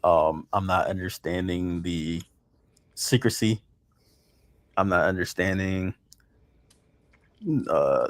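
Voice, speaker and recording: A man's voice: deep voice, slow pace, pauses often, no echo. A man hosting a casual livestream, venting with profanity and frequent laughter. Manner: frustrated, profane, laughing between complaints. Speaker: stream host.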